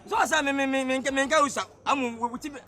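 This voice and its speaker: A man with a Ghanaian accent in a street comedy skit, talking rapidly and playfully, repeating syllables. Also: very high-pitched, fairly even intonation, bright, forceful tone.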